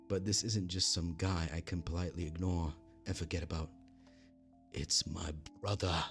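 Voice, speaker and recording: A man's voice: sits low, steady tone, moderate pace, fairly bright tone, soft background music. A man hosting a reaction video who reads an online post aloud with live commentary. He stumbles over words, jokes at his own slips and slides into a put-on British accent. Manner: drifts into a put-on British accent while reading.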